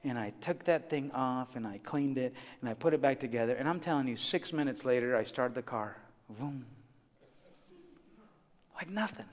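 A middle-aged man preaching a sermon as a chatty, animated story with many asides to the congregation. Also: mid-range voice, brisk, few pauses. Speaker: pastor. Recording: long hall reverb.

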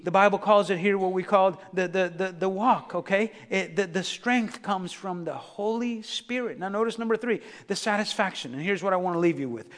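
A middle-aged male pastor preaching a sermon, swinging between loud exhortation and hushed, intimate storytelling. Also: high-pitched. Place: church sanctuary. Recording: long reverb in a large church hall.

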